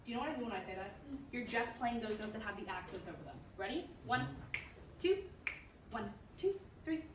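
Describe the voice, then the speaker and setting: Fairly quick and expressive, a woman with a slightly high voice runs a school band rehearsal, cheerfully encouraging players and singing rhythms for them. The distant-miked, echoey recording carries a little hiss or hum, with instruments playing behind.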